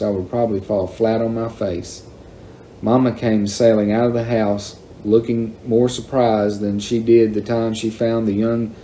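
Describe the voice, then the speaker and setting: A man reading a children's novel aloud in a plain, unhurried storytelling manner. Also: on the low side, dark tone, a little hiss or hum. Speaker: reader.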